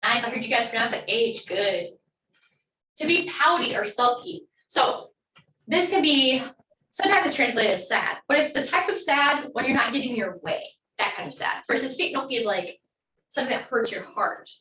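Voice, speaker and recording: Woman teacher, upbeat, kinda high voice, echoey room, mic a bit far off. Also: lively intonation, moderate pace, pushed and bright. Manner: upbeat, encouraging, models words for repetition. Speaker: language teacher. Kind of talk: online language class.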